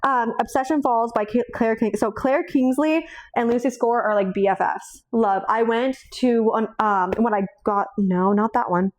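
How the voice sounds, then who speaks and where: A young woman talks through her bookshelf in a loose, rambling chat, her voice a little high. She swears freely and breaks into laughter often. She sounds tearful and shaky. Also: moderate pace, few pauses. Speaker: book vlogger. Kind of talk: casual chat.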